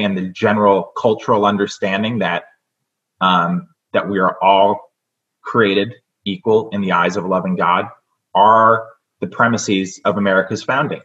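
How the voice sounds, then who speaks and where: A man talking earnestly as a guest on a radio talk show, measured and full of fillers and restarts. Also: lowish voice, steady tone, a bit bright, lo-fi sound. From United States. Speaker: state senate candidate guest.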